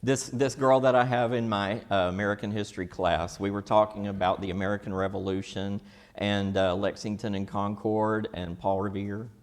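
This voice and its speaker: A man's voice: fairly low pitch, little pitch movement, moderate pace. Man teaching a church Bible class. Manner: asks the class questions, folksy and casual.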